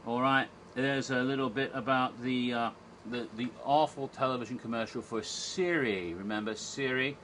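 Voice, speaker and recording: A man talks through a stage show in a loose, irreverent way and jumps into voices for the characters. His voice is bright and forward. Faint noise sits under the recording. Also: mid-range voice, normal speed, rough recording. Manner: chatty, irreverent, acts out quoted lines. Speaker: theme park history vlogger. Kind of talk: casual retelling of a stage show.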